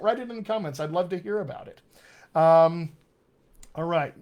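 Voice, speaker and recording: A man with a booming, loud voice works through viewer comments on his live stream, reading each aloud and answering it warmly and articulately. He's a dialect coach whose General American speech shows traces of West Texas and upstate New York, delivered at a normal speed over a webcam or computer mic.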